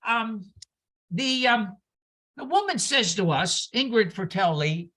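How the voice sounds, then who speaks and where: A woman minister giving a sermon, telling stories in an animated way with exclamations and asides to the congregation. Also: on the high side, slow pace. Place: church service.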